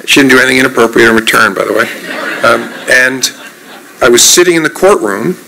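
Gravelly, forceful man in his fifties. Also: medium pitch, low-quality recording. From New Jersey. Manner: relaxed, anecdotal, self-deprecating humor. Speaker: guest speaker. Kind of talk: storytelling in an onstage conversation.

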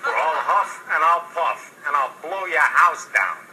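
A big bad wolf from a storybook coaxes in a clipped, wheedling way, as a man puts him on. His pitch swings widely from phrase to phrase. Loud hiss from a rough TV capture sits underneath. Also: big pitch swings, measured pace. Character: hungry big bad male wolf, mock-polite.

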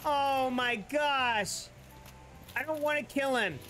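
Woman gamer, unhurried, emotional running commentary over faint game music. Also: high voice, fairly bright tone. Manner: emotional, reacting aloud, apologetic.

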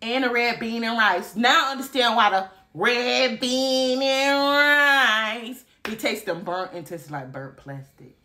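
A woman's voice: fairly high pitch, unhurried, sharp tone. A young woman from Alabama, telling a story dramatically in a casual vlog. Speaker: vlogger.

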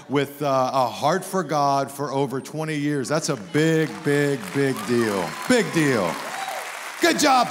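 A middle-aged man preaching in a church sanctuary, his voice sitting a little higher than most men's. He tells stories with lively, joking energy. The sound rings out with a long hall reverb behind every phrase. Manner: animated, humorous storytelling. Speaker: guest pastor. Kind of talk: sermon.

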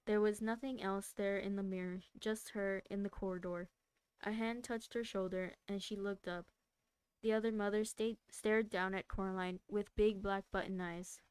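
A woman reads a novel aloud on a livestream in a casual way, tripping over words and starting them again. Her voice is clear and smooth at a middle pitch, picked up dry and close. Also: steady tone, normal speed, darkish tone, no echo. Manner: stumbles and restarts words, laughs at the text. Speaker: streamer reading a book aloud.

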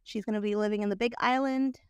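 A woman's voice: mid-range voice, steady tone, fast, clean tone, dry recording. A woman in her forties, a guest on a podcast, telling a personal story in an earnest, chatty way. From Texas. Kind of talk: casual interview.

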